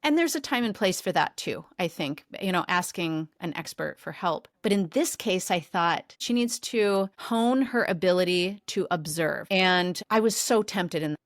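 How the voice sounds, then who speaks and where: Animated woman telling a story, dry close sound. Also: lowish voice, a little slow, few pauses, no room sound. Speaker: podcast co-host. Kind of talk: conversational storytelling.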